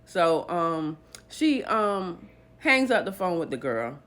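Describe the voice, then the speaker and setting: A woman's voice: fairly low pitch, takes it slowly. Woman animatedly retelling a dramatic story. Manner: animated, acting out each person's lines.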